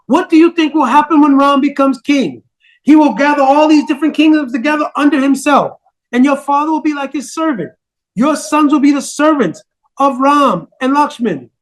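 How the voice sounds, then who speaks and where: A man voicing a bitter, manipulative old female nursemaid from a devotional epic, speaking in a low, insinuating, scolding tone. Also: normal speed. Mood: scheming.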